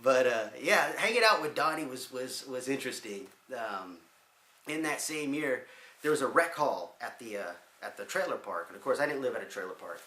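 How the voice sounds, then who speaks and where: A man's voice: medium pitch, animated, moderate pace, bright, forceful tone, echoey room. A man in his thirties telling casual stories in a rambling way, with many restarts, as a vlogger. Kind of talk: casual storytelling.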